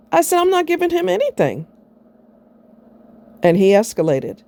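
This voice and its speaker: A woman's voice: a little high, wildly swooping pitch, a little slow, long pauses, dark tone. A middle-aged woman vlogging, telling a personal story in a blunt, sarcastic way and swearing freely.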